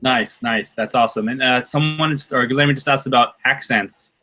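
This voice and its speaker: A friendly man hosts the webinar and asks casual questions. His voice is bright and forward, at a middle pitch, and he stumbles a little when he starts a question. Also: normal speed, poor audio. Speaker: webinar host.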